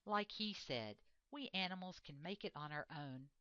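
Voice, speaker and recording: A woman's voice: low voice, animated, moderate pace, bright, forceful tone, clean tone, no echo. A woman voicing a cheeky little warthog who speaks in a snappish way. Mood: irritated. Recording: dull lo-fi dry recording.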